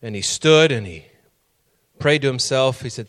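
Middle-aged guy preaching, casual storytelling then gets loud and intense, regular pitch. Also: expressive, normal speed, long pauses. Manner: storytelling, builds to emphatic raised voice. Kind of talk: sermon with personal stories.

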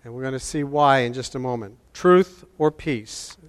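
A man preaching a sermon, deliberate in delivery and repeating key phrases for emphasis. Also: mid-range voice, long reverb tail.

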